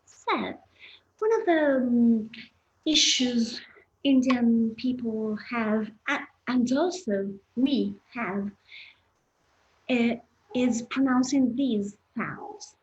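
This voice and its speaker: Woman, higher voice, encouraging webinar teacher, muffled lo-fi audio. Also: drawn-out words. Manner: encouraging, explains patiently, addresses the chat. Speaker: English pronunciation teacher. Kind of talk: online webinar lesson.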